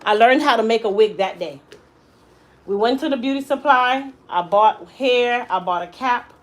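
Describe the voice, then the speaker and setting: A woman hairstylist, a touch high in pitch, tells a story while she works in her salon. She talks in a casual, animated way and throws weight on her words. Faint room noise sits behind her voice. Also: normal speed, rough recording. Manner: animated, emphatic storyteller who acts out quotes. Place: hair salon.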